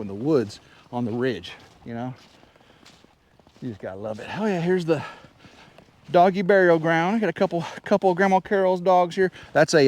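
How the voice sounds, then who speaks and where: Carrying a handheld camera through snowy woods, a man chats on his vlog in a medium-pitched voice, a bit breathless. He's eager and chatty, his thoughts wandering. A little hiss or hum sits under the audio.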